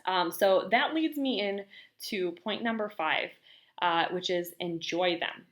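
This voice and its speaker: A young woman giving parenting advice in an earnest, gentle, explanatory way, now and then acting out what she and her toddler say. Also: lowish voice, unhurried. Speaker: parenting teacher.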